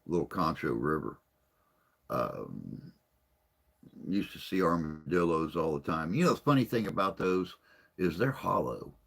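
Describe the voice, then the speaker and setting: A man with a very deep voice and plenty of gravelly fry hosts a live stream. He chats casually in a rambling, folksy way, sounding a bit tired and under the weather. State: tired and unwell.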